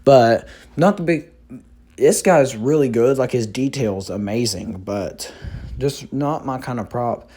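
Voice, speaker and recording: A man's voice: mid-range voice, unhurried, dark tone, breathy edge. Rambling young man with hiccups. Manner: rambling, with many fillers and restarts. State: has the hiccups. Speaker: YouTube host reviewing Halloween props. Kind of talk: casual vlog talk.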